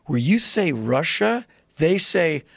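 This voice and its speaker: A man with a fairly high, gravelly and husky voice tells a story in casual podcast chat. He gets animated and jumps into loud high voices when he quotes people. The sound is dry and close to the mic. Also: slow, dry recording. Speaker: podcast guest.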